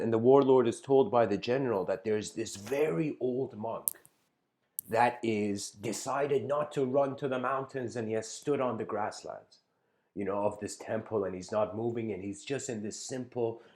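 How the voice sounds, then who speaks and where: Male spiritual teacher, lowish voice, relaxed storytelling lecture full of fillers. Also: normal speed. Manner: conversational, many "you know" fillers.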